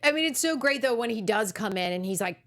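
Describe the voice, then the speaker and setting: A woman's voice: fairly high pitch, animated, quick pace, fairly bright tone. A woman guest on a film podcast who talks with enthusiasm, laughs often, and mimics the film's characters. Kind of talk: casual film discussion.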